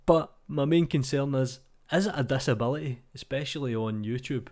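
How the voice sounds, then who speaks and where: A man's voice: medium pitch, brisk, a little mellow. A Scottish man in his thirties with a Glasgow accent, chatting casually and bluntly, swearing freely and poking fun at himself while he plays a game. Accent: Glaswegian Scottish. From Scotland. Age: 30s. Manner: sweary, blunt and self-deprecating; playing a game while talking. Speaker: YouTube 3D tutorial creator. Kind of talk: casual rambling vlog chat.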